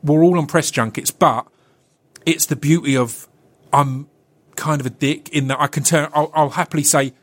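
A man's voice: a little high, steady tone, moderate pace. A man hosting a podcast in casual chat, with a stutter that catches on word starts. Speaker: podcast host.

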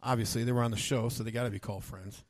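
A man co-hosts a chatty podcast, trading deadpan teasing and laughing at his own jokes. His voice sits in an ordinary middle range. The sound is dry and close, with no room around it. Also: medium pitch, racing, no echo. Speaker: podcast co-host. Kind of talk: joking casual chat.

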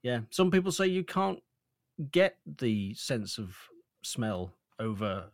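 A man's voice: medium pitch, sing-song, slow, no echo. A man bantering and joking playfully in a casual podcast chat.

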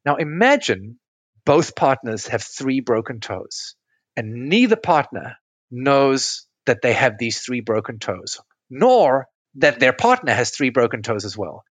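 This man's voice is husky and sing-song, medium in pitch and unhurried, captured in a dry recording. He is a relationship coach appearing on a podcast, and in this interview conversation he walks through ideas with metaphors, patiently asking if they land.

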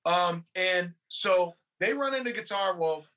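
A podcast host retelling a movie scene by scene in a casual, swearing, animated way. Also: medium pitch, measured pace. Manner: profane, animated storytelling.

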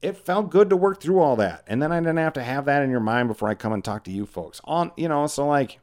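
A man's voice: a little high, animated, fast talker, darkish tone. A man in his forties hosting a podcast, talking in a rambling, candid, self-deprecating way with lots of filler words. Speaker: podcast host. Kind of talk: casual monologue.

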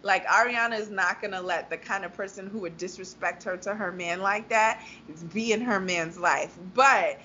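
A woman's voice: medium pitch, normal speed, hardly any pauses, bright, forceful tone, muffled recording, a little hiss or hum. A woman co-hosting a casual reality-TV recap chat, emphatic and swearing freely.

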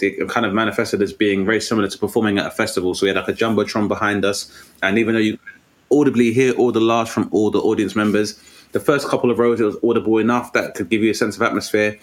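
A man's voice: on the low side, fast talker. A man, a comedian talking articulately and animatedly in a casual conversation. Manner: articulate, animated storytelling with put-on voices.

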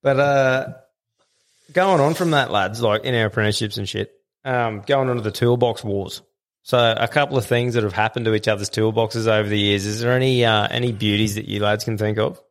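Young bloke hosting a podcast, lowish voice, swears a lot, laughs a lot, super casual. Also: male voice, fairly quick. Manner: laid-back, swearing, laughs often. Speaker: podcast host. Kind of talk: casual chat.

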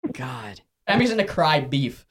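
A man in casual chat, animated and joking, laughing a lot, with a crowd around. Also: medium pitch, a little slow.

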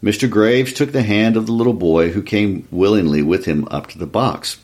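A man reading a short story aloud in a calm, even storytelling manner, shifting his voice for each character. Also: lowish voice, normal speed. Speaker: reader.

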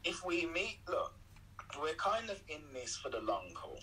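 A young man in a relaxed, rambling chat, talking earnestly and affectionately to the woman beside him. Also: fairly high pitch, unhurried, husky, rough recording. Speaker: co-host of a video chat. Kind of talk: casual chat.

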